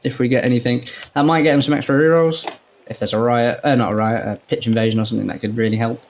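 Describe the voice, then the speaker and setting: A man's voice: medium pitch, steady tone, quick pace, a little hiss or hum. A man casually commentating on a video game match, explaining tactics at length.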